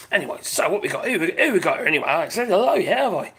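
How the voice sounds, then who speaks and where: A British man hosting a live stream, chatting casually in a rambling way, reading out viewers' comments, his voice going hoarse. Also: high-pitched, sing-song, rapid-fire, fairly bright tone. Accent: British English. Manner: rambling, chatty, laughs often, reads out viewers' chat.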